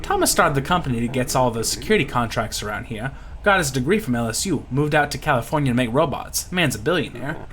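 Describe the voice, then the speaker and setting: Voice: mid-range voice, animated, fast talker, fairly bright tone, natural voice. A game player voicing a fugitive oil pirate man in a put-on Louisiana drawl, folksy and plainspoken while reading the game's dialogue aloud. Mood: gossipy.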